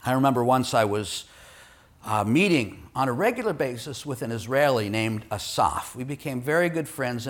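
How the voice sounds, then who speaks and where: A male pastor preaches with an animated, emphatic delivery. His voice sits a little high and swings widely in pitch as he presses his points and puts questions to his listeners. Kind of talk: sermon.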